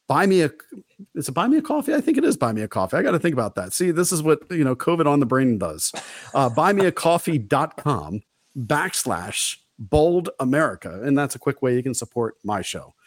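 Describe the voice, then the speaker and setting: A man's voice: medium pitch, no echo. A man hosting a casual talk radio show while sick with a fever, chatty and easygoing, with a dry close sound. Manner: relaxed, chatty, with fillers and laughs. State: feverish with covid. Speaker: host.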